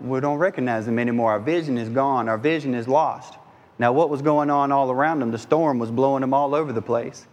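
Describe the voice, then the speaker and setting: Man preaching in an echoing hall. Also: medium pitch. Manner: animated, dips into voices of disciples and Jesus. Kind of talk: sermon. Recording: long hall reverb.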